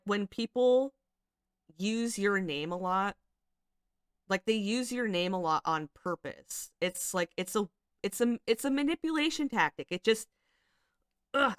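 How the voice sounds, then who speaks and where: A woman's voice: mid-range voice, smooth, dry recording, clean studio sound. A young woman casually commenting on screenshots she reads aloud, chatty and exasperated, with lots of filler words. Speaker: commentary channel host.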